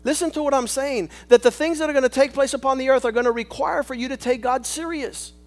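Man, very high voice, preaching, shouts then hushes, rhetorical, calls for amen. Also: fast talker. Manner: swings between shouting and hushed asides. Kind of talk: sermon.

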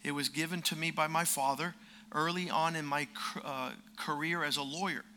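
A man's voice: on the high side, steady tone, normal speed, sharp tone, slight background noise. A man in his fifties preaching a sermon, telling a personal story and acting out the dialogue, building to emphatic peaks. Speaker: preacher and lawyer.

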